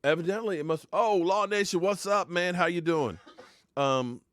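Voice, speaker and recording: A man's voice: high-pitched, moderate pace, fairly bright tone, no echo, clean studio sound. Chatty man hosting a sports stream. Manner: chatty, rambling, reacts to viewer comments, swings into mock heartbreak. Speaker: live-stream sports talk host. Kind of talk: casual live-stream chat.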